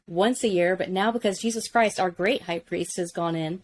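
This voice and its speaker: Kobieta z zapałem tłumacząca gramatykę. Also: female voice, lowish voice, moderate pace, slight background noise. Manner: enthusiastic, explanatory, uses "like" often. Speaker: Biblical Hebrew teacher. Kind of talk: conversational teaching.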